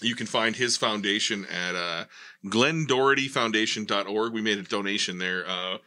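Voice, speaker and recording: A man hosting a podcast who talks casually and with energy, running through quick plugs and questions. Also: fairly low pitch, bright, forceful tone. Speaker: podcast host.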